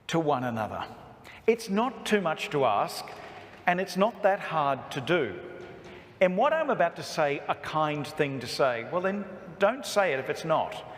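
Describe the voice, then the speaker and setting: A priest from Australia giving an emphatic talk to a parish, with humor and stories woven in. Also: male voice, a little high. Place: church. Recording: echoey church hall reverb.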